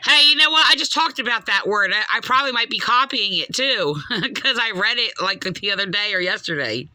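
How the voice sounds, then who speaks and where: A woman's voice: medium pitch, lively intonation, fairly quick, bright, forceful tone, poor audio. Southern woman caller, accusatory, rambling, for a complaint-call scene. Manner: rambling, accusatory, with hesitant fillers. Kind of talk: phone call.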